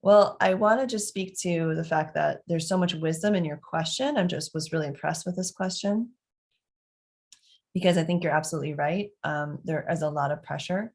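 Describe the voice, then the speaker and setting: Answering questions from parents, this middle-aged woman, a parenting coach, speaks low-pitched at a moderate pace. Her talk is heavy with fillers and restarts, and she role-plays calming scenes as examples.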